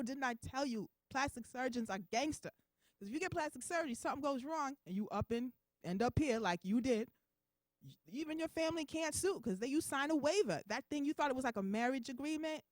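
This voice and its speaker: A woman doing stand-up voices God as a deep, calm male voice who scolds slowly and gently forgives. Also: dry recording. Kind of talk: stand-up comedy.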